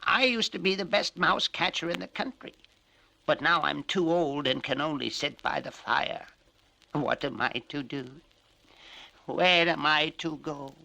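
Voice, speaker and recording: A man's voice: fairly high pitch, a little slow, gravelly, sharp tone, pitched above the performer's own voice, exaggerated voice. A man voicing a mournful old cat who wails and meows. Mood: wailing. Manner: wailing, meowing. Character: old male cat, mournful and self-pitying.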